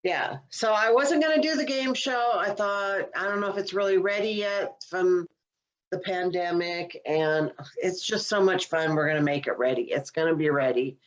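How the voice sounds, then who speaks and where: A woman's voice: on the low side, normal speed, dull audio. A woman co-hosting a comedy podcast, chatting in an upbeat way and trailing off her sentences. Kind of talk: casual chat.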